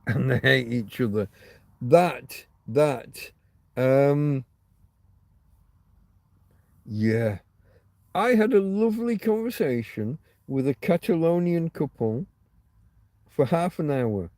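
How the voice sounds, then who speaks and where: A man's voice: mid-range voice, animated, takes it slowly, pauses often, darkish tone, no echo. A man hosting a casual livestream, rambling through stories and answering viewer comments. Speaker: livestream host.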